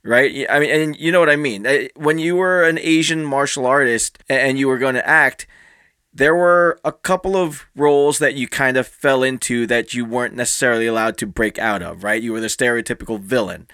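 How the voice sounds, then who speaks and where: Bright-voiced male interviewer, dry sound. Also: medium pitch, a little fast, clear, resonant tone, no echo. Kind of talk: interview questions.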